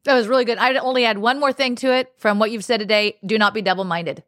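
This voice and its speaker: A woman hosting a talk show, giving brisk, affirming replies and closing remarks. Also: a little high, fairly even intonation, a bit bright, no echo, clean studio sound. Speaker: show host. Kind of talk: talk show host wrap-up.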